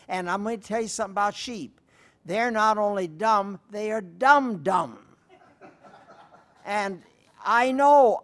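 An older man preaching a folksy sermon, telling stories with emphatic repetition and answering listener letters. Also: high voice. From rural sheep-raising upbringing. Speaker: radio preacher.

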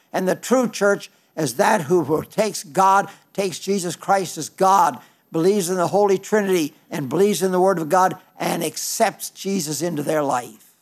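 Older male preacher with a high voice. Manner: halting, with frequent restarts and fillers; slows and lifts his voice for quoted scripture. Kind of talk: sermon.

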